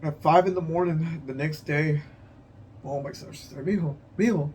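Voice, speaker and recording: A man telling a personal story as unscripted testimony, emotional and halting, repeating his phrases and sighing. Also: a little high, fairly even intonation, a little mellow, slight background noise. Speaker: vlogger sharing a personal story.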